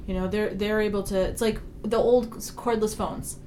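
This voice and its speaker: A woman co-hosting a casual talk about ghost hunting, telling stories in an animated way. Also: mid-range voice, moderate pace, slight background noise. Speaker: paranormal investigator, co-host. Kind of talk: casual podcast chat.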